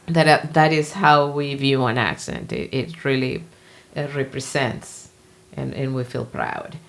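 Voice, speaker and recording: A woman from Venezuela, a Spanish professor whose first language is Spanish, speaking with a Venezuelan accent as a podcast guest and talking in an animated, expressive way. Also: extremely low pitch, unhurried, gravelly, a little hiss or hum. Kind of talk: podcast conversation.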